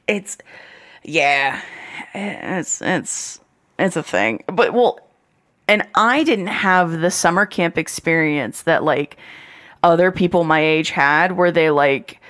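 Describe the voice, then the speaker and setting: A woman's voice: low voice, lively intonation, takes it slowly, a bit bright. A woman from the United States co-hosting a podcast over a remote call, chatting casually with dry, trailing asides. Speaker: podcast host. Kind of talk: casual chat. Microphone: remote call mic.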